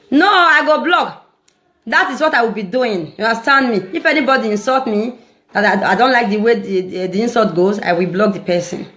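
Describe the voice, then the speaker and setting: A Nigerian woman talking casually to her followers in a vlog, animated and preachy, often laughing as she speaks. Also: medium pitch. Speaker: social media vlogger.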